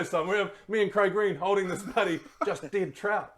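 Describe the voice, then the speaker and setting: A man's voice: high-pitched, moderate pace, a crowd in the background. Middle-aged kiwi guy spinning yarns on a chat show, easygoing, laughs a lot. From New Zealand. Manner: relaxed yarn-spinning, laughing at his own stories. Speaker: guest, former rugby player. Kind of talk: casual storytelling chat.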